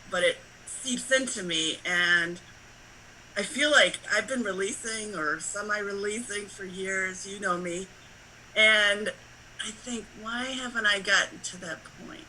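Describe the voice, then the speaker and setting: Woman on a video call, bright clear voice, chatty, faint background noise. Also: medium pitch, poor audio. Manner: chatty, laughs often, tells anecdotes. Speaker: participant asking a question. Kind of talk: casual question on a video call.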